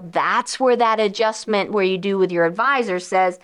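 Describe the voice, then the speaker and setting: A woman financial advisor and radio host explaining investments in a casual, animated way, often acting out quoted voices of investors and funds. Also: mid-range voice, moderate pace, hardly any pauses, smooth. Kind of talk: casual explanatory talk to listeners.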